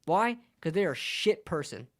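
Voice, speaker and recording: A man's voice: sits high, very animated, moderate pace, fairly bright tone. A man hosting a sports channel, passionately arguing an opinion and repeating points for emphasis. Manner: passionate, repetitive, argumentative.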